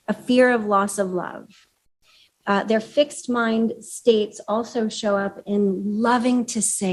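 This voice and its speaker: At a chapter meeting, a woman with a medium-pitched voice gives a live presentation in a conversational style, using fillers and asking the audience questions.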